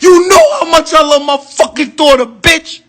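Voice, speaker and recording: Man, high and piercing, raging and near tears on a livestream. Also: very animated, normal speed. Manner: furious, shouting, profane. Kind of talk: emotional livestream rant.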